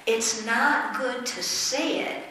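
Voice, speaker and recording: An older woman giving a Buddhist teaching, measured and often checking in with her listeners. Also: on the high side, pushed and bright, a little hiss or hum. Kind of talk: Dharma teaching talk. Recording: echoey room, voice from far off.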